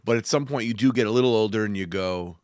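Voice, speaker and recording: A man hosting a podcast in casual chat, animated and joking, swearing freely. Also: fairly low pitch, quick pace, dry recording, studio quality. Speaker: podcast host.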